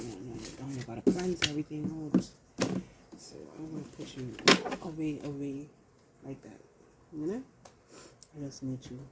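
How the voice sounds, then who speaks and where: Heavy background noise surrounds a low-pitched woman with a British accent doing a collective tarot reading. She's casual and talkative, swearing and chatting to herself as she works through the cards.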